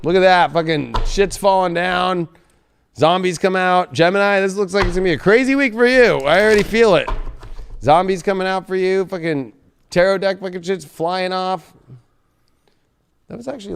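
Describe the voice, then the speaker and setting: A man's voice: on the high side, lively intonation, normal speed, a little hiss or hum. A man giving a live tarot reading from a studio, blunt and rambling, swearing often. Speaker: tarot reader.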